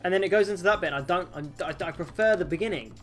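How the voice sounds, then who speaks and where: A man's voice: sits high, fast, faint music behind. A young man chatting casually on a game livestream, self-mocking and joking, often breaking into laughs. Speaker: streamer.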